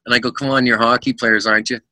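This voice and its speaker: A middle-aged man, a rock singer, telling animated stories in a casual podcast interview, acting out the voices of people in his anecdotes and laughing often. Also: mid-range voice, fast, no echo.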